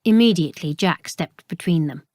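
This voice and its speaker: A woman's voice: on the low side, normal speed, darkish tone, dry recording, clean studio sound. Woman narrating a mystery audiobook. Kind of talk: scripted narration.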